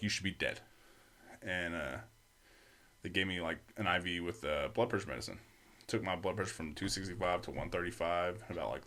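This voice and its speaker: Deep-voiced young man, casual and profane. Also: bright, forceful tone. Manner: profane, rambling, many fillers. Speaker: podcast guest. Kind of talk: casual storytelling.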